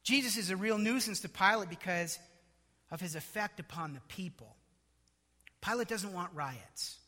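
A man preaching a sermon, dramatic and animated, with mocking asides. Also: high-pitched, moderate pace, in a large hall.

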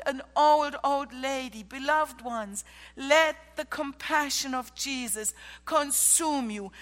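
A woman missionary preaching a sermon, telling heartfelt stories that drop to hushed tones and rise to ringing exclamations. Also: sits high, in a large hall. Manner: emotional storytelling, swinging from hushed to ringing exclamations.

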